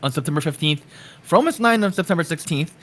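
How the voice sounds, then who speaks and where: Reading a list of release dates fast, this man co-hosts a casual podcast in a fairly high, slightly bright voice with lively intonation. His manner is easygoing and teasing, and he laughs a lot.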